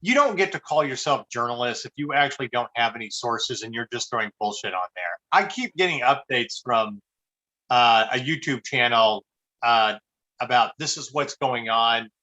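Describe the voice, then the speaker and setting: A man's voice: medium pitch, animated, moderate pace, pushed and bright, rough recording. A man co-hosting a pop-culture podcast in casual chat, ranting bluntly and with emphasis. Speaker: podcast co-host.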